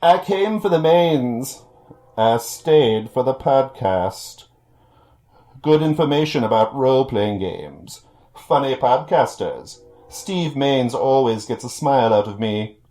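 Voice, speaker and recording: A man's voice: medium pitch, animated, mellow, voice pushed up. A man reading a listener review in a funny put-on voice, speaking through his hands. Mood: hammy. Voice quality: slow, drawn-out, muffled behind his hands.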